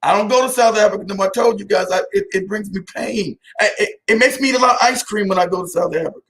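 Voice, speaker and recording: Animated high-pitched man on a live stream. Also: quick pace. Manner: animated, laughing, addresses viewers by name. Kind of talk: casual live-stream talk reading viewer chat.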